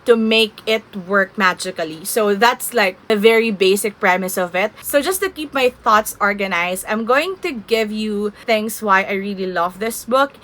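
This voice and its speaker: A young woman from the Philippines chats to camera in a casual book vlog. Her voice is bright and clear, and she talks in an open, gushing, emotional way. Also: medium pitch, moderate pace, hardly any pauses. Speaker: book vlogger.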